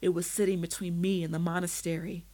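A woman reading a first-person story aloud in a measured, steady storytelling manner. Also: fairly low pitch, poor audio. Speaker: narrator. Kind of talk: first-person audiobook narration.

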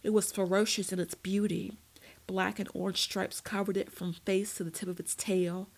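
A woman reading a first-person story aloud in a measured, steady storytelling manner. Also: medium pitch, poor audio. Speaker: narrator. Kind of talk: first-person audiobook narration.

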